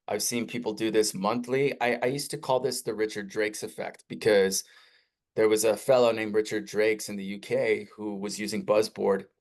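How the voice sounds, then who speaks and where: A man presenting a live webinar software demo in an energetic, conversational sales style. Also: normal speed. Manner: energetic, conversational salesy pitch with rising emphasis.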